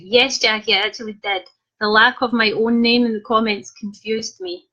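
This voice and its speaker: Young woman author, cheeky and chatty on a live feed; bright, tense voice pitched a bit high, dull lo-fi sound. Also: fairly even intonation, fairly quick. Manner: cheeky, chatty, self-mocking. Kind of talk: live video chat reading out viewer comments. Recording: dull lo-fi live stream audio.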